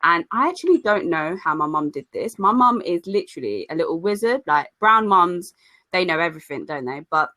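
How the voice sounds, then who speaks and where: A young woman chats on a podcast with a bright, forceful tone, sitting a little low in pitch. She tells stories and slips into the voices of the people she quotes. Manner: lively storyteller, acts out quoted voices. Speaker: podcast co-host. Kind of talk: casual chat.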